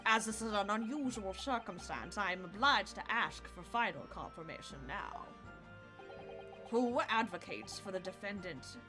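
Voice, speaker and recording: A woman voicing an old male courtroom judge in a game, speaking slowly and formally in a lowered voice. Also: lively intonation, over music, close to an everyday voice.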